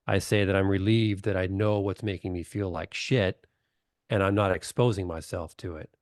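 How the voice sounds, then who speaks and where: Deep-voiced and blunt, this middle-aged man is a doctor appearing as a guest in a relaxed webinar chat on a video call. He spins stories and performs people's quotes, and the audio is studio quality without echo.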